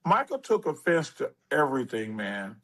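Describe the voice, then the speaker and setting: A man in his sixties, a former basketball player, telling animated stories in an interview and acting out what people said. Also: medium pitch, moderate pace, poor audio. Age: 60s. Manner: animated storyteller who acts out quotes. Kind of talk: storytelling interview.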